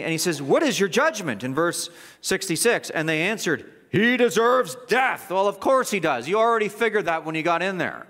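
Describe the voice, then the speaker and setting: A man's voice: a little high, fairly bright tone, long reverb tail. A man preaching a sermon as pastor, impassioned, with mocking asides and repeated words. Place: church sanctuary.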